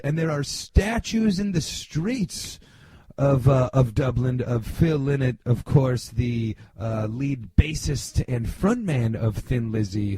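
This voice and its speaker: Middle-aged male podcast host, husky mellow voice, rambling and blunt. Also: medium pitch. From New Jersey. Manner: rambling, many fillers and restarts; blunt, casual swearing. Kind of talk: casual monologue.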